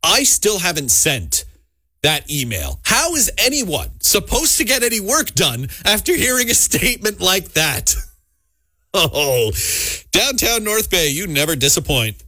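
A man's voice: high voice, huge pitch swings, measured pace, sharp tone, no echo, studio quality. A man hosting a radio show, telling a story in a chatty, amused way. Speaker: radio host. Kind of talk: casual on-air chat.

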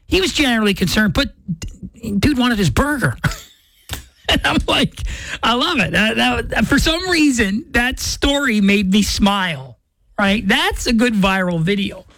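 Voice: mid-range voice, animated, a little slow, a bit bright. A commentator telling a story in a casual monologue, acting out impatient inner voices. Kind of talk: casual monologue reacting to a viral video.

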